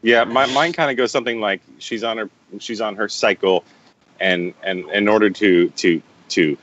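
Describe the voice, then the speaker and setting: A man's voice: on the low side, moderate pace, fairly bright tone. A man from Texas hosting a casual online chat, easygoing, with dry jokes. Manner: easygoing, joking. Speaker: host. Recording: muffled stream audio with faint noise.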